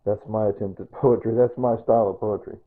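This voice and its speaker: A man's voice: fairly low pitch, steady tone, brisk. An older man talking in a casual personal vlog, rambling and sentimental, often repeating himself. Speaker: vlogger. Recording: tinny phone-like sound.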